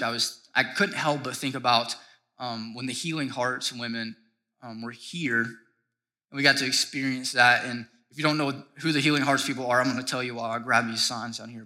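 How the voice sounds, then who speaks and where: A man preaching a sermon from a church stage as pastor, building to excited, emphatic passages. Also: medium pitch.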